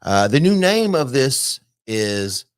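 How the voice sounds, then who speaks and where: A man's voice: mid-range voice, very animated, slow, clean tone, no room sound, studio quality. A man hosting a casual theme park news podcast, chatty and loose, with plenty of fillers. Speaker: podcast host.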